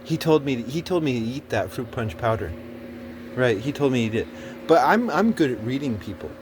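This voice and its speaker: A man's voice: medium pitch, expressive, normal speed, background noise. A man telling a personal story in a rambling monologue, swearing often and stumbling through fillers and restarts. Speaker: storyteller recounting a personal experience. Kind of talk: casual monologue.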